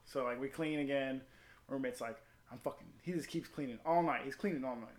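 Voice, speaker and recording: A man's voice: mid-range voice, fast, roomy sound. A former Marine telling a story in casual, profane chat and acting out the people he quotes.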